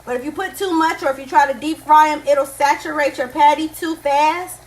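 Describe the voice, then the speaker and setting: A woman hosting a casual home cooking lesson, chatting through each step in a relaxed way. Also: sits high, fairly quick. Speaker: cooking show host. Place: home kitchen.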